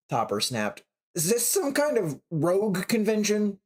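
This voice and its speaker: A woman reading a short story aloud on a writing stream, voicing the dialogue with big pitch swings. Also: huge pitch swings, unhurried, darkish tone. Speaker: reader on a writing prompt stream. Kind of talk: reading a story aloud, then casual chat.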